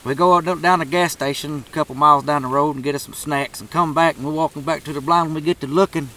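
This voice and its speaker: A man's voice: fairly high pitch, steady tone, fast talker, sharp tone, slight background noise, low-quality recording. A man telling a turkey hunting story in a drawling, profane, laid-back way. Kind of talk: casual storytelling.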